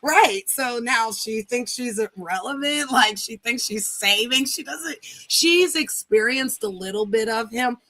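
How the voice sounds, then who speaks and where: A woman hosting a livestream, chatting and gossiping in an animated, teasing way. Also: fairly high pitch, measured pace, hardly any pauses. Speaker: livestream host. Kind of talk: casual gossip chat. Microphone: livestream setup.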